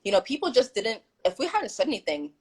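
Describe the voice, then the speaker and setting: A woman with a slightly high, breathy voice speaks quickly over a phone or video call, with poor audio. As a guest on a live stream, she retells a story animatedly and emphatically, quoting what people said.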